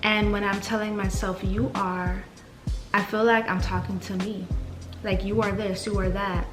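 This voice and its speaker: A woman hosting a podcast, reading soft repeated affirmations and then chatting casually and excitably. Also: medium pitch, normal speed, roomy sound, over music. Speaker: podcast host. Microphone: desk mic with camera.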